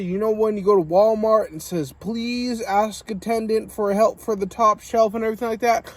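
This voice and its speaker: American male vlogger, high-pitched, rambling and foul-mouthed, drinking and coughing in a vehicle. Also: a little mellow. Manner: profane, rambling storytelling. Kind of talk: casual rambling vlog monologue.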